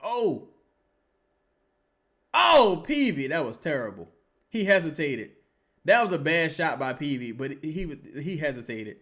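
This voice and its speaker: A man's voice: on the high side, normal speed. A man hosting a casual live stream, reacting to a basketball game with profane, heckling commentary and reading viewer comments aloud. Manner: profane, animated, heckling players. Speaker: sports livestream host.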